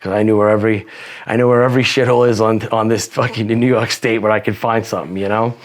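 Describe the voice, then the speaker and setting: Guy with a lowish voice rambling thru his story, cursing nonstop, lots of "you know". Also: flat delivery, fast talker. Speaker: podcast guest. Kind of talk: casual storytelling.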